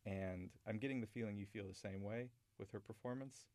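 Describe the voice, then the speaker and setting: A man with a lowish voice hosts a casual film chat, rambling and enthusiastic and often restarting his sentences. The sound is dry and close, with no room around it. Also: a little fast, darkish tone, no room sound. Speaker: podcast host.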